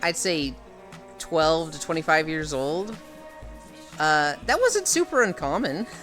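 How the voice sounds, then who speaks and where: A man's voice: fairly high pitch, sing-song, slow, fairly bright tone, faint music behind. A man chatting casually on a live stream. He rambles and sounds exasperated, with plenty of swearing.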